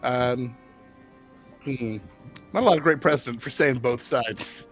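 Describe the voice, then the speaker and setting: A man's voice: mid-range voice, a little slow, soft background music. A man chatting casually as a player in a tabletop game, joking and rambling.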